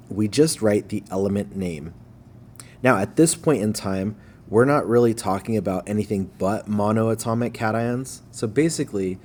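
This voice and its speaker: Man teaching a relaxed chemistry lesson. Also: on the low side. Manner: relaxed, frequent "okay?" checks, slows to stress syllables.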